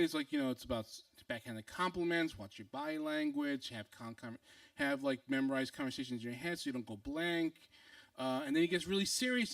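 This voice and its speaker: A man's voice: a little high, vocal fry, a bit bright, dry recording, recorded from a distance. A young adult man telling a comic personal story to an audience, acting out other people's lines between fillers and restarts.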